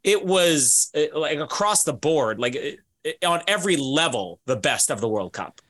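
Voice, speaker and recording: A male podcast co-host talking casually and rambling, with frequent restarts and fillers. His voice is bright and sits a little high. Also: expressive, normal speed. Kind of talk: casual chat.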